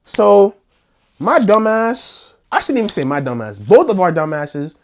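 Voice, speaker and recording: A young man telling a wild story in a slangy, animated vlog, acting out the scenes. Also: sits high, unhurried. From New York.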